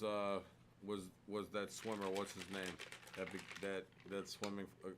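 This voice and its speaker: A man with a low, bright voice talks loosely in a casual podcast chat, rambling and restarting his sentences, full of fillers. A faint hiss of background noise sits under him. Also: completely flat delivery, a little slow. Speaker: podcast co-host. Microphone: studio microphone.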